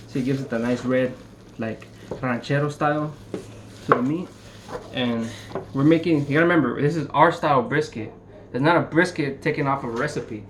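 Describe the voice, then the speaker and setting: A young man talks through trimming and seasoning a brisket in his home kitchen, loose and jokey, with offhand swearing. His voice sits at a middling pitch for a man. Clear room ambience runs underneath. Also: background noise. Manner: joking, rambling, swears casually. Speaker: home cook showing a brisket recipe. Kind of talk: casual cooking demonstration.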